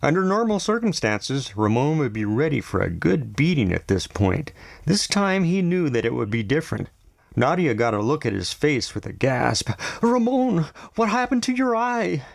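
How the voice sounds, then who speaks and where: Male novel narrator, gravelly, measured, recorded dry and close. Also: mid-range voice, very animated, dry recording. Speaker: audiobook narrator.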